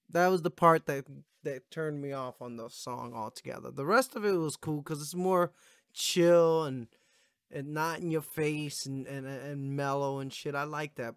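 A man's voice: fairly high pitch, clean tone, dry recording. Laid-back swearing man reacting to music. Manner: laid-back, rambling, swears often, yawning. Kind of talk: casual reaction commentary. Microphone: gaming headphones setup.

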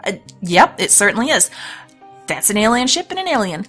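A woman's voice: mid-range voice, very animated, fairly quick, a bit bright, husky, soft background music. A woman hosting a let's play, reading a storybook game aloud with chatty, laughing asides. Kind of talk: let's play narration and commentary.

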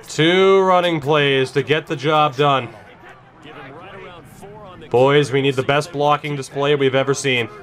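Slow-talking young man narrating a football game. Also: fairly even intonation. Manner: emotional, swears often, shifts from tense muttering to high yelling. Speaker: gaming YouTuber. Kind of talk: gameplay commentary.

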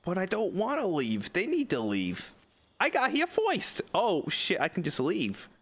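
Lively joking male game streamer. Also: high-pitched, a little slow. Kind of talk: casual game commentary.

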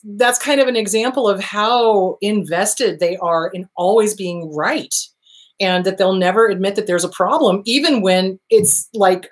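A woman therapist hosting her own show, answering viewer questions in a casual monologue, stressing points by repeating them. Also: mid-range voice. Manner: emphatic, repeats key phrases for stress.

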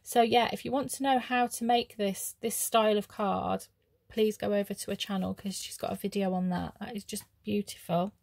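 A woman chatting casually as she opens craft mail, gushing with soft oohs and ums. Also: medium pitch, steady tone, moderate pace, gravelly, no room sound. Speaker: craft vlogger. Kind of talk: casual unboxing chat.

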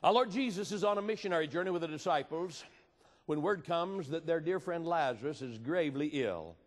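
A man preaching a sermon with passion, moving between loud appeals and hushed storytelling. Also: a little high, lively intonation, fairly quick. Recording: reverberant hall.

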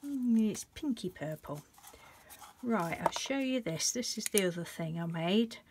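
A woman's voice: medium pitch, expressive, measured pace, background noise. A woman hosting a casual painting tutorial, chatting and thinking aloud as she works and gushing over the colours. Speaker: craft channel host.

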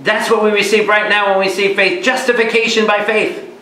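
A man, a priest, teaching a Bible study in a sermon style, with humorous, animated storytelling and rhetorical questions. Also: sits high, brisk, slight background noise. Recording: echoey hall with live audience. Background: audience laughter and responses.

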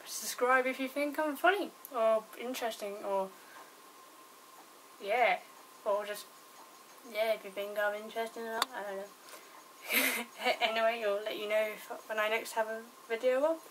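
A young woman with a British accent chats loosely to camera, swearing and rambling. Her voice sits a little high. She sounds set back from the mic, with a faint noise floor. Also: steady tone, moderate pace, fairly bright tone. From Britain. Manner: chatty, swears casually, rambling. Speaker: vlogger. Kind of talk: casual vlog chat. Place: home indoors. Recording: recorded from a distance, faint background noise. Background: dogs outside.

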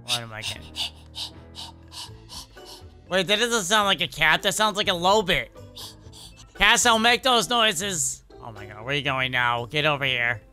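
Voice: mid-range voice, big pitch swings, normal speed, long pauses, sharp tone, soft background music. A performer voicing an exasperated male animatronic fox scolding his cat-form fiancee in a fan game role-play, exclaiming and pleading.

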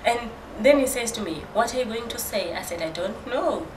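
A woman's voice: on the high side, animated, moderate pace. A woman guest earnestly telling her story in casual conversation. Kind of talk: casual chat. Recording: roomy with background noise.

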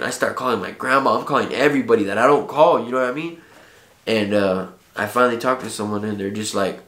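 A man's voice: mid-range voice, fast talker, fairly bright tone. A man telling a personal story in casual, heartfelt street slang, with frequent profanity. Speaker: vlogger. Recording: echoey room.

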